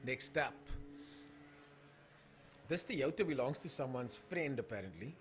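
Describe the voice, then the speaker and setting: A man's voice: medium pitch, lively intonation, a little slow, a little hiss or hum. A young man with a South African accent hosting a casual live stream of drag racing, calling the races and chatting through viewer comments.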